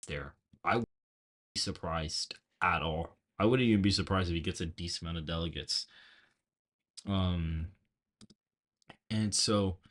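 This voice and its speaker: A man hosts a political show from his bedroom on a livestream, chatting loosely and rambling through a story with many restarts. His voice is husky and sits fairly low. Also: a bit bright. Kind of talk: casual livestream chat.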